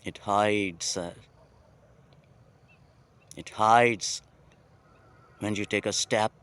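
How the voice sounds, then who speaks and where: Speaking slowly and lingering over each phrase, a male vlogger with a Pakistani English accent delivers a poetic, heartfelt monologue outdoors at night. His lowish voice is smooth, clear, and a bit bright, and his tone stays steady as he muses aloud.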